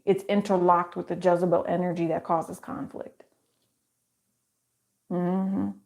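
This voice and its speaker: A woman's voice: lowish voice, a little mellow. Chatty, emphatic woman giving a tarot reading. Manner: chatty and emphatic, repeats phrases and asks rhetorical questions. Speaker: tarot reader. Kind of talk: solo tarot reading to camera.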